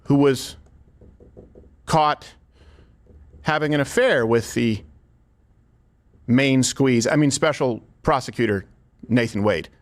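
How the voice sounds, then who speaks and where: A man's voice: mid-range voice, slow, pauses often, slight background noise. A man hosting political commentary, addressing viewers directly in an emphatic, argumentative way. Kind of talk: scripted commentary narration.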